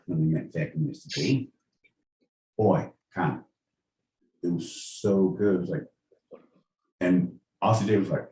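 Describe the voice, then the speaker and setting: A man's voice: low-pitched, moderate pace, dark tone. A man co-hosting a podcast in casual comedic chat, rambling, profane and jokey. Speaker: podcast co-host. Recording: roomy, distant mic with faint noise.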